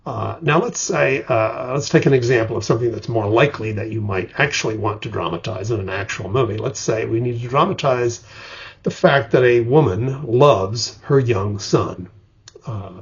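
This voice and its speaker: An older male screenwriting teacher with a raspy, gravelly, mid-range voice at normal speed, heard on a dull lo-fi recording. He gives an explanatory lecture as a vivid storyteller who acts out examples.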